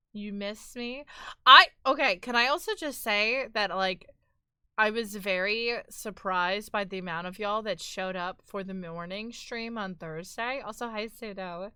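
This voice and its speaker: A woman's voice: mid-range voice, bright, forceful tone, clear, resonant tone, no echo, studio quality. A woman hosting a live stream, chatting casually with viewers in a playful, teasing, mock-dramatic way. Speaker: livestream host.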